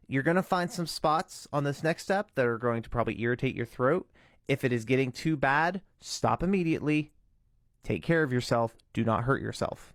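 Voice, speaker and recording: A man's voice: mid-range voice, no room sound. Guy walking you thru a tutorial step by step, earnest and careful, dead dry sound. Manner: earnest, cautious, breaks into demo screams and whispers. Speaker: vocal tutorial maker.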